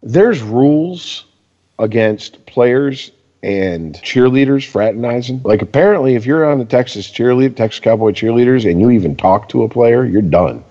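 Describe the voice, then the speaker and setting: A man's voice: medium pitch, normal speed, long reverb tail, highs cut off. A man ranting in profane casual sports chat as a podcast co-host. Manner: ranting, heavy swearing, animated.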